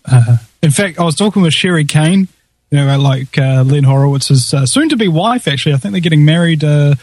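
Man, New Zealand accent, talk radio host, somewhat high voice, dry close sound, rambling jokey chat. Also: animated, brisk, darkish tone, no room sound. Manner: joking, rambling, with many fillers.

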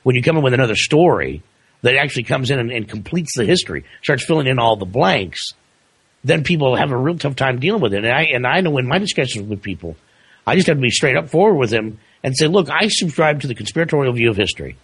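A man's voice: mid-range voice, sing-song, quick pace, fairly bright tone, breathy edge. A man speaking as a guest in a casual political chat, emphatic and driving his point.

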